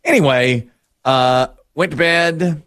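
A man's voice: a little high, slow pace, a bit bright, clear, resonant tone, no echo, studio quality. A middle-aged man hosting a show, telling a wry, self-mocking story in casual chat and laughing often. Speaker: radio show host.

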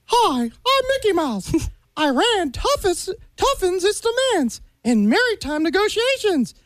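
A radio host doing a Mickey Mouse impression: a squeaky cartoon mouse reading news headlines and giggling between words. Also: big pitch swings, a little slow, a bit bright, dry recording, heavily acted. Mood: giggly.

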